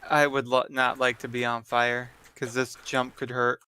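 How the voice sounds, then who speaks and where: A man playing a tabletop game, asking quick questions about the rules. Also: medium pitch, monotone, sharp tone, clean tone. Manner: asks quick rule questions. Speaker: player. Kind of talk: casual tabletop game talk.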